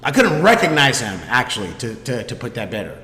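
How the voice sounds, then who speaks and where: A man's voice: mid-range voice, sing-song, brisk, sharp tone. A man hosting his own stream, telling a story casually and animatedly, swearing freely and often checking that the listener is following. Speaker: streamer host. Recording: echoey room with long reverb.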